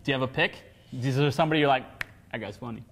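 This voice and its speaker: A man's voice: medium pitch, gravelly, a bit bright, slight background noise. A man hosting a local TV interview, asking questions and plugging the guest's show. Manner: brisk, upbeat promo wrap-ups. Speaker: TV news host, interviewer. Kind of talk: casual interview.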